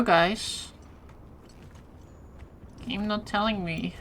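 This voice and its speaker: A woman's voice: fairly low pitch, a little slow, pushed and bright, slight background noise. A woman with a Flemish accent, casually chatting with her viewers while playing a game. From Flanders, Belgium. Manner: chatty, talks to chat while playing, swears lightly. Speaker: streamer. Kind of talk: casual live game commentary.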